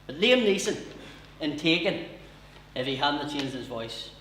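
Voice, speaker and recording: Northern Irish stand-up, male, brisk and crude; slightly high, roomy far-off venue sound. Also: lively intonation, background noise. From Northern Ireland. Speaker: stand-up comedian. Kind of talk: stand-up comedy. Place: comedy venue with an audience. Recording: roomy venue, heard from afar.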